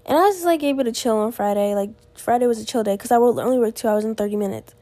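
A teenage girl at home hosts her own solo podcast, rambling tiredly about her weekend with plenty of "like" fillers and restarts. Her voice runs a little high and rapid-fire, with a dark tone and no echo.

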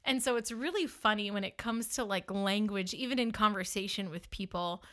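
Bright-voiced chatty woman with a Northern US accent. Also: mid-range voice, normal speed. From northern United States. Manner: chatty, with many fillers like "like" and "you know". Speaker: funeral director telling her story. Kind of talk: casual storytelling to camera.

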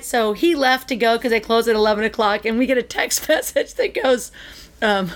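A woman co-host chatting casually and telling a lively story, acting out what people said. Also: on the high side, moderate pace. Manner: chatty, animated storyteller who acts out quotes.

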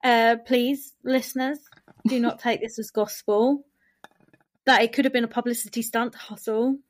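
A woman co-hosting a podcast, excitable and quick in her chat. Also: on the high side, no room sound. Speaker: podcast co-host. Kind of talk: casual chat.

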